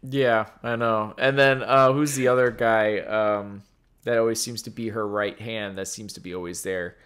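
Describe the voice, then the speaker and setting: A man co-hosting a casual film review podcast, relaxed and agreeable, often acting out lines in quotes. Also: fairly low pitch, normal speed, smooth. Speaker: podcast co-host.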